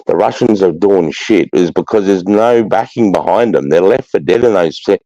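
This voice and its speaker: An Australian man, an army veteran, chatting in a low, warm-toned voice. He talks fired-up and swears heavily, tacking "mate" onto nearly every thought. The sound is dry and a little dull, as over a video call. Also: animated, moderate pace, no room sound. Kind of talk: casual chat.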